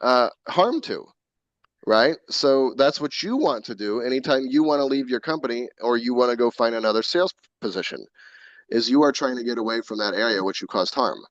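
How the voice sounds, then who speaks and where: A man's voice: medium pitch, animated, brisk, no room sound, lo-fi sound. A man appearing as a guest on a business podcast, explaining earnestly and restarting his words now and then. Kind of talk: casual business talk.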